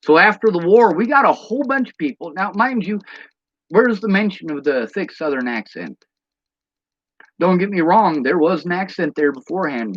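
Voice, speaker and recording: A man's voice: fairly high pitch, no room sound. Profane ranting man, dull lo-fi sound. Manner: blunt, profane, rhetorical questions. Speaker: vlogger. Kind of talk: ranting monologue to camera.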